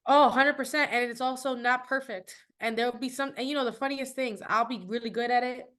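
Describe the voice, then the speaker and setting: A woman speaking as a podcast guest with a bright, slightly high voice. She talks earnestly and reflectively, pausing to hunt for the right word. The tone stays casual and conversational. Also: steady tone. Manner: reflective, earnest, searching for words.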